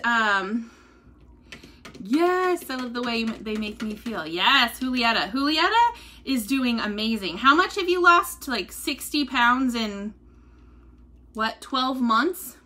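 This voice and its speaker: A woman's voice: fairly high pitch, bright, forceful tone, a little hiss or hum. A middle-aged woman chatting casually on a livestream, rambling through stories and laughing often as she digresses. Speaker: vlogger selling wellness drinks.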